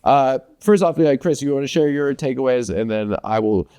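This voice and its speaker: A man's voice: mid-range voice, animated, moderate pace, mellow, clean tone. A man with an American accent co-hosting a casual sports podcast, rambling and profane, with a jokey delivery. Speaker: podcast co-host.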